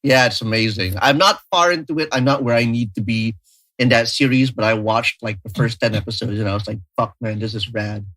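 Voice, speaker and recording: A man's voice: medium pitch, brisk, fairly bright tone, dry recording, poor audio. Wry, joking male podcast co-host. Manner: wry, joking, stumbling restarts. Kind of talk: casual chat.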